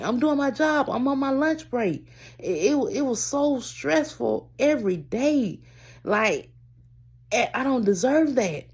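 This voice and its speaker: A woman vlogger telling a personal story to camera in a rambling, halting way, often calling her viewers y'all and breaking off to restart. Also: sits high, darkish tone, slightly rough. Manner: restarts and trails off.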